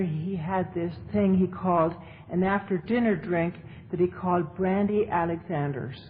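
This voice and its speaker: A woman telling her recovery story to an audience as a speaker, in a chatty, humorous way. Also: medium pitch. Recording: tinny lo-fi tape with faint hiss.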